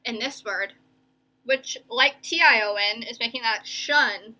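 A young woman teacher giving a remote reading lesson to children, slowly stretching out each word as she sounds it. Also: fairly high pitch, sharp tone. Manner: slow, stretched-out sounding of words.

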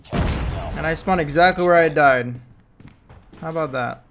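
A young man casually commentating his own mobile shooter gameplay, chatty and excitable, shouting at enemies and muttering to himself. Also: on the high side, unhurried, long pauses. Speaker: mobile gaming channel host. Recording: noisy game audio with gunfire.

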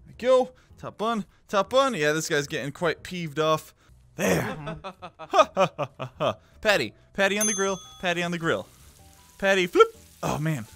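A man's voice: sits high, pushed and bright. A man giving playful, joking commentary while playing a cooking game. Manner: playful, joking, talks to the screen. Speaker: gaming YouTuber. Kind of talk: let's play commentary.

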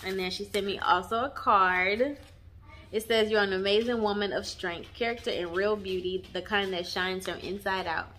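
A young woman chatting to her viewers, warm and emotional, often saying y'all. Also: mid-range voice, steady tone, normal speed, slight background noise. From Texas. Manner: emotional, near tears at times. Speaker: vlogger. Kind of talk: casual chat. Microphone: camera mic on tripod.

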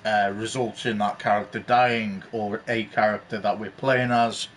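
A man's voice: fairly low pitch, steady tone, normal speed, fairly bright tone, slight background noise. A man hosting a game walkthrough, explaining the menus in a rambling, casual way. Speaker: gaming channel host. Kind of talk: let's play commentary.

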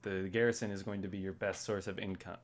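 A man's voice: low-pitched, little pitch movement, fast talker. A man hosting a casual gaming podcast, laughing often and reading out listener mail. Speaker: podcast host. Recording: dull lo-fi podcast audio.

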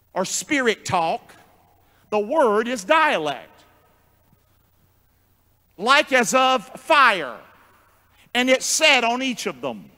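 A male pastor preaching a sermon in call-and-response style, jumping from shouts to low murmurs. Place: church sanctuary. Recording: long church hall reverb.

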